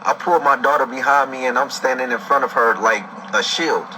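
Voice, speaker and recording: A man's voice: medium pitch, brisk, background noise. A man, a father, recounting a tense story in an agitated, dramatic storytelling manner. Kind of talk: storytime video.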